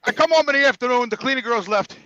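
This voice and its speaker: High, bright older man ranting. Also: fast, no echo, highs cut off. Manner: profane, animated, pacing while talking. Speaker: podcast regular calling in. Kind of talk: casual ranting storytelling.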